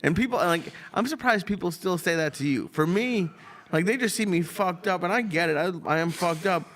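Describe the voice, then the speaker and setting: A podcast co-host chatting casually. He mostly reacts in short bursts and now and then tells a brief story of his own. His voice sits high and moves around a lot. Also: expressive, fairly quick, fairly bright tone, a little hiss or hum. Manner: short reactive replies and laughter. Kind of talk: casual chat.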